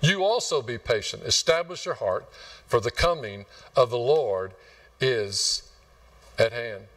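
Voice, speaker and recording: Folksy pastor preaching from afar. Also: male voice, mid-range voice, expressive, a little slow, a bit bright, far from the mic. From West Texas. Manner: folksy, rambling, asks the congregation questions. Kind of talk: sermon. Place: church sanctuary.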